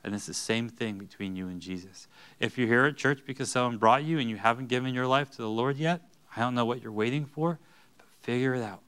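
Pastor, male, preaching in church; crisp, bright voice, earnest and emphatic. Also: mid-range voice, brisk. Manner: earnest, rising to emphatic bursts. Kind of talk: sermon.

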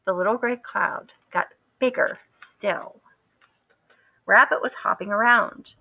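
A woman reading a children's picture book aloud, expressive and asking the listeners questions. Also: medium pitch, slow pace, creaky. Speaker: storybook reader. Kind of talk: children's story read-aloud.

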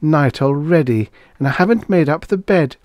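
A man's voice: fairly high pitch, expressive, normal speed, a little mellow, no echo, clean studio sound, voice pushed up, close to an everyday voice. A man reading a story aloud, voicing a cheerful, flighty young woman in a raised, sing-song voice. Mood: flustered, bright.

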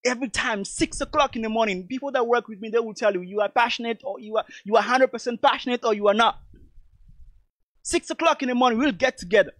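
A man's voice: very high-pitched, fast talker, fairly bright tone, no room sound. A man from Togo, giving an emphatic motivational speech and calling his audience "lovely people". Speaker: motivational speaker.

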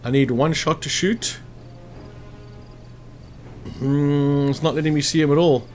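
A man's voice: fairly high pitch, steady tone, measured pace, a little mellow, soft background music. Man thinking aloud over gameplay. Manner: chatty, thinks aloud, counts hit percentages. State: hiccuping after lunch. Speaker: gameplay commentator. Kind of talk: casual game walkthrough commentary.

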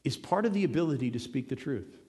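A man's voice: medium pitch, expressive, fast, dark tone. A male pastor giving an earnest, conversational sermon, driving points home with emphatic repetition. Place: church sanctuary. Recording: long hall reverb.

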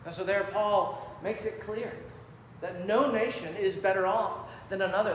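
A man preaching a sermon from the pulpit with emphatic, measured delivery. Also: high voice. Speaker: pastor. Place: church sanctuary. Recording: echoey church hall with faint room noise.

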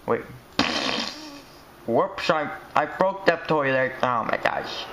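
A man giving excitable, rambling commentary while he plays a game. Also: medium pitch, slow pace, muffled recording, a little hiss or hum.

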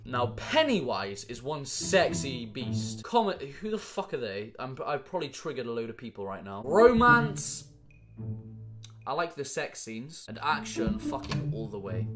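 A young man from Wales with a Welsh accent, chatting casually and bantering through an online quiz, swearing often. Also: mid-range voice. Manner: swearing, banter-filled, animated. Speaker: YouTuber.

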